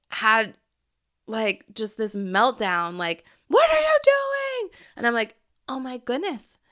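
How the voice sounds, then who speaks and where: A woman's voice: mid-range voice, pushed and bright. A woman in her thirties hosting a solo podcast, speaking earnestly and encouragingly and addressing listeners directly. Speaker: podcast host. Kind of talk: heartfelt solo podcast talk.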